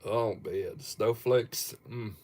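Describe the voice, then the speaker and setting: Slow-talking man hosting a livestream. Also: on the low side, darkish tone. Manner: slow, chuckling, reads viewer topics aloud. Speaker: livestream host. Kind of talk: casual livestream chat.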